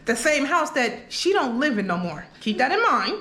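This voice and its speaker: A woman's voice: high voice, big pitch swings, moderate pace, a bit bright. A woman vlogger telling a story in a casual, chatty way, often checking in with her listeners. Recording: roomy echo.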